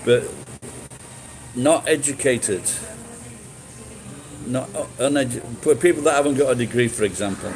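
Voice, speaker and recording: Man, casual chat, rambling, sweary, restarts a lot, mid pitch. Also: moderate pace, long pauses, a little mellow, low-quality recording.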